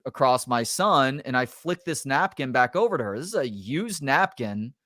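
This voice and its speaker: A middle-aged man, a sports talk show host, telling a story in a casual, animated and exasperated way, swearing now and then. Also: medium pitch, normal speed, dry recording, studio quality.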